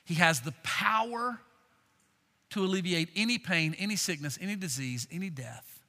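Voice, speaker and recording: Bright-voiced preaching man in reverberant hall. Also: a little high, moderate pace. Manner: preaching with swings from hushed to loud. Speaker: pastor. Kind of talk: sermon.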